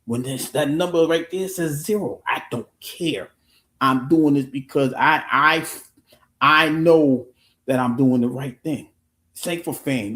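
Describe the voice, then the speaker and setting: A man's voice: on the high side, fairly bright tone, echoey room. A man talking earnestly on his own livestream, restarting his sentences often and swearing casually. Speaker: live streamer. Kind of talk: casual motivational livestream talk.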